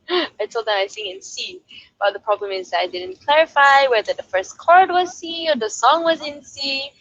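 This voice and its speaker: Animated young woman from Malaysia. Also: sits high, moderate pace, no echo, highs cut off. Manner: lively, acts out quoted voices, laughs often. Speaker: guest singer-songwriter. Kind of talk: casual storytelling interview.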